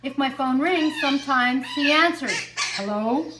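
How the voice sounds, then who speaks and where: Brief: high-voiced woman, chatty parrot-owner vlogger, loud noise and bird squawks behind. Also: lively intonation, unhurried. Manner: chatty, with fillers and self-corrections. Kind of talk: casual chat to camera.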